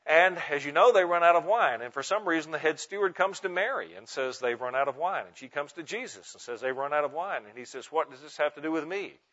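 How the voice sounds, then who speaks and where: A man preaching with emphatic, deliberate stress, leaning hard on single words. His voice sits a little high for a man. The recording is slightly muffled and lo-fi. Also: expressive, a bit bright. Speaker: preacher teaching pastors. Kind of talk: sermon teaching on Bible meditation. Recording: muffled lo-fi sound.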